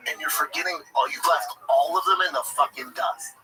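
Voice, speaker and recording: A man's voice: fairly high pitch, fairly quick, sharp tone, low-quality recording. A man hosting a livestream, delivering a blunt, profane, indignant rant about a sport. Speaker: livestream host. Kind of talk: heated commentary rant.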